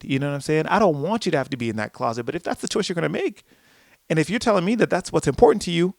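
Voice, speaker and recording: A man with a fairly high, gravelly voice hosts a solo podcast. He rants animatedly with loose profanity and acts out asides to himself. The sound is dry and close to the mic, with no room around it. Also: lively intonation, rapid-fire, no echo. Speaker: podcast host.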